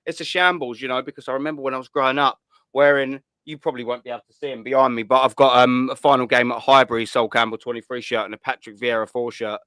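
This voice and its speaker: A man's voice: medium pitch, fairly even intonation, quick pace, bright, forceful tone, clean tone, no echo, clean studio sound. A man hosting a live call-in stream, talking in blunt, laddish banter full of swearing. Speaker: host of a call-in show. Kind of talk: casual live stream chat.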